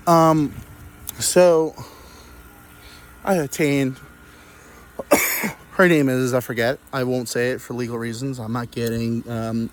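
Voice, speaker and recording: A young man rambles through a crude comic story, mocking himself as he drifts from tangent to tangent. His voice sits at an ordinary middle pitch. A faint background noise runs under the recording. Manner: crude, self-mocking, digressive. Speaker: podcast host.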